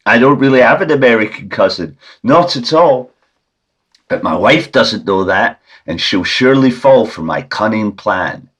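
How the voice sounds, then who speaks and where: A Scottish man hosting a comedy podcast with a deadpan, rambling absurdist monologue. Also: fairly low pitch, moderate pace, husky. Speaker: podcast host.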